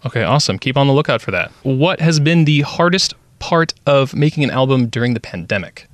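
A man's voice: mid-range voice, lively intonation, a little fast, no echo, studio quality. A man hosting a casual radio interview, friendly and upbeat, asking questions with light jokes.

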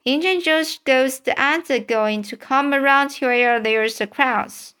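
A woman voicing Tom, an eager and bold boy treasure hunter, read in a halting storybook manner. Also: sits high, bright, forceful tone, clean tone, voice pushed up, heavily acted. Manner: halting reading with restarts.

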